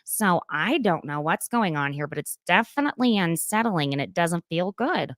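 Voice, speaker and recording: A woman's voice: lowish voice, lively intonation, moderate pace, no echo, clean studio sound. A young adult woman with a slight Southern accent, hosting a casual gossip recap and laughing often. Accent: Southern American. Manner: chatty, laughs often, reads quotes aloud. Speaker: podcast host.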